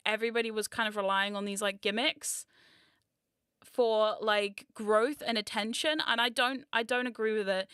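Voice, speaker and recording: Woman, 30s, VTuber streamer, casual rambling chat, bright voice, dry sound. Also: a little high, no echo. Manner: rambling, swearing, self-mocking, frequent laughs.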